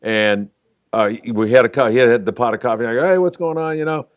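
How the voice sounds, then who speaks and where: A man's voice: medium pitch, fast, no room sound. A man in his sixties hosting a casual fishing talk show, telling stories and reading viewer comments. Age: 60s. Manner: storytelling, jokey, reads viewer comments aloud. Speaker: host. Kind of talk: casual chat.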